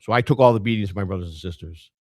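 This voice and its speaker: Low-voiced blunt middle-aged man. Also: very fast, a little mellow, no echo, clean studio sound. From Chicago. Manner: blunt, plain-spoken, repeats words as he goes. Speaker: presidential candidate and podcaster. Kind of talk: casual storytelling monologue.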